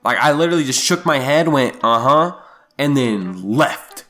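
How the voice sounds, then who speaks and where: A man's voice: mid-range voice, lively intonation, normal speed, fairly bright tone. A young man casually telling a rambling, profanity-heavy story, with faint music behind him.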